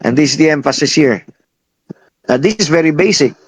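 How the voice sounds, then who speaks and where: A man's voice: fairly high pitch, animated, fairly quick, breathy edge, dry recording, poor audio. A man preaching a sermon, teaching by firing questions at the congregation and repeating himself. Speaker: pastor.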